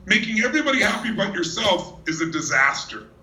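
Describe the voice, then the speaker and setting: A man speaks from the stage in a large hall, his voice ringing with reverb and heard from some distance. His delivery is energetic and emphatic, the manner of a motivational speaker holding a crowd. The tone is bright and forceful, set fairly high. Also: fairly quick. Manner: energetic storyteller, teasing and emphatic. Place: large hall with a live audience. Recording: echoey hall from far off.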